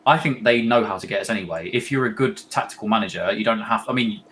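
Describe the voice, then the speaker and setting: A man's voice: fairly low pitch, a bit bright, slight background noise. Rambling young man on a fan stream. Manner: rambling, filler-heavy, halting. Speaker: co-host of a fan watch-along. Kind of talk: casual live football chat.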